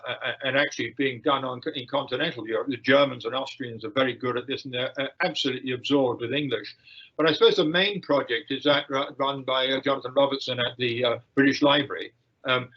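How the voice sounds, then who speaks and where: An older man giving a lecture and answering questions, with frequent fillers, pauses and restarts. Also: mid-range voice. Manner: hesitant, many fillers and restarts. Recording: dull lo-fi livestream audio.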